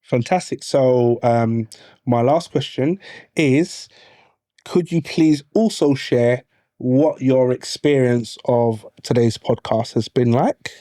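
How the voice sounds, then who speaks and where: Female co-host, warm mellow tone, unhurried deliberate questions, dry close mic. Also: extremely low pitch, no room sound. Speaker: podcast co-host. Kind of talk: casual podcast interview.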